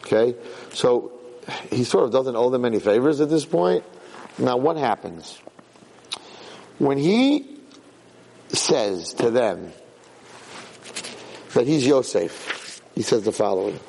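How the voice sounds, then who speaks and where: A man giving an animated Torah class. He repeats phrases for emphasis and mixes Hebrew terms into his English. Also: medium pitch, slow, creaky, pauses often, slightly rough, in a large hall, low-quality recording. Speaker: Torah teacher. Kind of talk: Torah class on the weekly portion.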